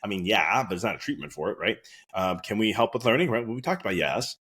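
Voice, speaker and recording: Low, husky, fast-talking man. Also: animated, fairly bright tone. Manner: anecdotal, earnest storytelling. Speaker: chiropractor and podcast host. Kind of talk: casual podcast monologue.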